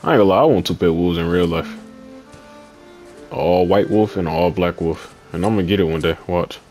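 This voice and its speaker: A man's voice: sits low, fairly quick, darkish tone, faint music behind. A young man giving casual, slangy commentary while playing a video game, talking back to the characters on screen. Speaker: gaming YouTuber.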